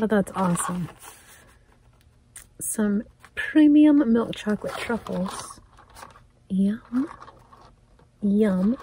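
A woman chatting casually and excitedly as she opens mail, often laughing and thanking the sender. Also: medium pitch, a little hiss or hum. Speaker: crafting vlogger. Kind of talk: casual unboxing chat.

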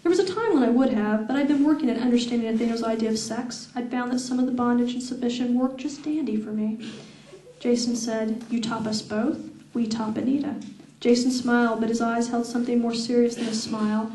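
Lady reading her book out loud at an event, kinda high voice, echoey room. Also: fairly quick, distant mic, slight background noise. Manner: steady reading with laughing asides to the audience. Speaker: author reading her novel.

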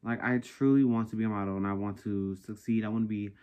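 A man's voice: on the low side, steady tone, fast, dark tone, clean tone. A young man vlogging in a sassy, rambling casual chat, talking himself through a craft project. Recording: noisy background hiss.

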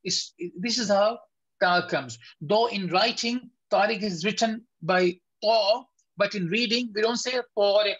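A man's voice: high-pitched, fairly bright tone, dull audio. Patient man teaching letter sounds. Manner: patient, repeats sounds slowly, asks if it is clear. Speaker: Quran recitation teacher. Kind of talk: online tajweed lesson.

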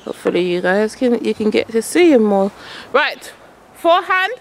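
A woman's voice: on the high side, very animated, moderate pace, gravelly, slight background noise. A woman coaching her son at tennis on an outdoor court, calling out shots and chatting casually to her vlog viewers. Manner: calls out shots, chatty and coaxing.

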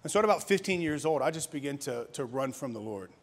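A man's voice: medium pitch, expressive, fast talker, husky. A pastor in his thirties from Louisiana, telling his testimony in a conversational sermon with laughs and restarts. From Louisiana, USA. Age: 30s. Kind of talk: conference sermon, personal testimony.

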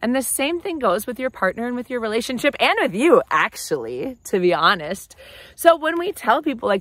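A woman hosting a casual advice talk to camera, conversational and animated. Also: a little high, brisk, no room sound. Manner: animated, conversational, often acts out quoted phrases. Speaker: relationship advice host.

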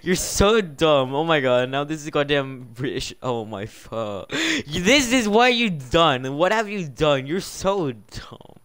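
A man's voice: on the high side, lively intonation, measured pace, few pauses, clear, resonant tone. Exasperated streamer man, scolding and laughing. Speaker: livestreamer running a Minecraft server. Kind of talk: casual live-stream commentary.

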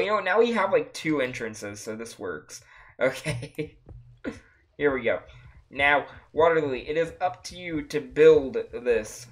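A livestreamer giving casual gameplay commentary, laughing often and breaking into frequent exclamations. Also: medium pitch. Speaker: livestreamer playing a block-building game. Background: faint music playing.

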